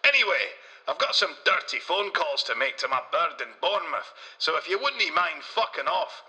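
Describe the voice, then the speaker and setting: A man's voice: a little high, animated, normal speed, pushed and bright, in a large hall, voice pushed up, rough recording. A man voicing a crude, boastful Scottish male inventor, swaggering and vulgar in broad dialect.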